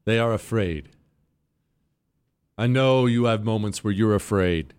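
A man's voice: lowish voice, a little slow, a little mellow, clear, resonant tone. A man hosting a political talk radio show, delivering a combative, sarcastic monologue with heavy emphasis.

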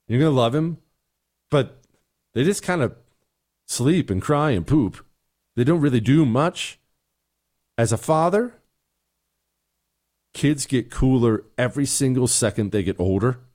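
A man's voice: mid-range voice, darkish tone. Man, middle-aged, talk host, emphatic, sarcastic, repeats himself. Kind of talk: opinionated commentary and listener emails.

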